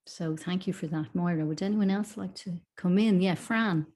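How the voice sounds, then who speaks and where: A woman facilitating an online discussion over a video call, speaking in a measured, reflective way. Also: lowish voice, darkish tone. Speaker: session facilitator.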